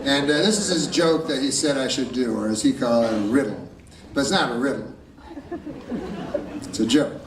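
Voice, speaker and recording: Man, deadpan stand-up with lots of "uh"s, distant mic in an echoey hall. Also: medium pitch, a little hiss or hum. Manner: deadpan, halting, many "uh"s. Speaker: stand-up comedian. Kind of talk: stand-up set. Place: live comedy stage. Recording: echoey live room, distant mic, loud crowd.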